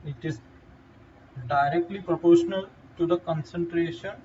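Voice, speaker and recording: A man with an Indian English accent giving a halting whiteboard lecture, with fillers and restarts. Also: on the high side, fairly even intonation, mellow. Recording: distant, dull lo-fi mic with faint noise.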